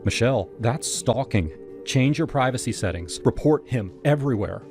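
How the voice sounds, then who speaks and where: Guy playing a worried best friend woman, insistent, music loud behind. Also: mid-range voice, expressive, moderate pace, voice pushed up, lightly acted. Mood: urgent. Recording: over loud background music.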